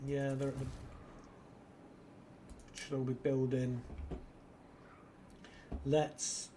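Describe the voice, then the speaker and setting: A British man chats his way through a let's-play. He drifts between stories and quiet asides to himself, in a voice of middling pitch with a faint hiss of noise under it. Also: level tone, very slow, long pauses. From Britain. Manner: rambling, muttering to himself between anecdotes. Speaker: gaming channel host. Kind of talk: casual let's-play commentary.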